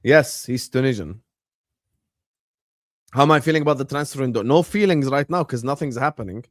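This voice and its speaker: A man hosting a casual live watchalong, chatty and bursting into excited shouts. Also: mid-range voice, fairly quick, no echo, clean studio sound. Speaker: livestream host.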